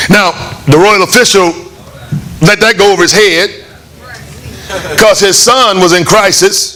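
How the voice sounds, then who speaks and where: A man preaching a conversational, animated sermon in church, acting out lines of the story. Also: sits high, a little slow, long pauses. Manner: animated, conversational, acts out voices with laughs. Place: church hall.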